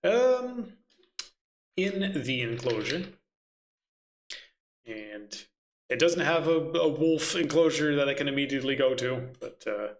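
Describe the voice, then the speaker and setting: A man's voice: medium pitch, very animated, slow, pauses often. A man running a tabletop game, muttering and swearing to himself as he hunts for his notes. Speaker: game master.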